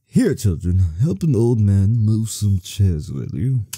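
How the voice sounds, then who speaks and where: A man voicing a kindly old male bard who slowly tells a tale to children in a video game playthrough. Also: lowish voice, big pitch swings, husky, dry recording, exaggerated voice. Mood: gentle. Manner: slow, gentle storytelling to children.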